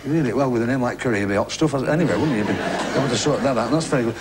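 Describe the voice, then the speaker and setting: A man's voice: mid-range voice, racing. A man hosting a TV game show from a studio, chatting and joking with contestants. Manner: jokey, chatty banter with contestants. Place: TV studio with live audience. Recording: 1980s TV broadcast, loud crowd and noise.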